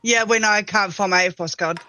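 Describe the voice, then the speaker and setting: A man chatting casually with a relaxed, dry humor. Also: high-pitched, normal speed, dry recording. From New Zealand. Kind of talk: casual chat.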